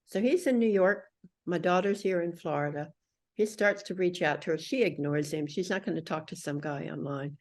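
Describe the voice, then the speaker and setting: A middle-aged woman recounts a personal story as a podcast guest. Her voice sits a bit low, and she slips into the voices of the people she quotes. She tells it with animation. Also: moderate pace.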